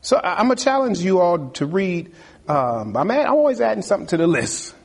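Male preacher, high husky voice, lively swooping delivery, conversational sermon. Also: brisk. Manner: animated, conversational preaching with acted asides.

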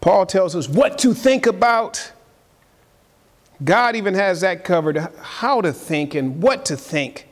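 A man's voice: high-pitched, expressive, slow. A man preaching a live-streamed sermon as pastor, earnest and building to emphatic peaks. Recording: long church-hall reverb.

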